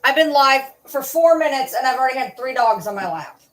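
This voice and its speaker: A woman's voice: high voice, expressive, fairly quick. A woman chatting casually on a livestream from home, talking playful baby talk to the dogs on her lap and laughing often.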